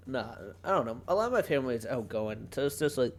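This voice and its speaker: A man's voice: medium pitch, gravelly, slight background noise. A young man hosting a solo podcast, talking casually in a rambling way, often cutting himself off and laughing. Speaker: podcast host. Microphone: home podcast mic.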